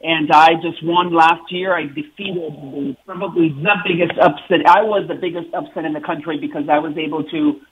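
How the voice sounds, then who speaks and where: A woman's voice: low-pitched, fairly even intonation, normal speed, few pauses, narrow, tinny audio, slight background noise. A woman from the United States speaking as a congresswoman in a phone interview, earnest and emphatic. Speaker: congresswoman, guest.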